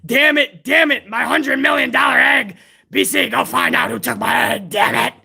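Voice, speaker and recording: A hoarse man doing an impression of a gruff older male wrestling boss, shouting in a raspy bellow. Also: very high-pitched, moderate pace, heavily acted. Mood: furious.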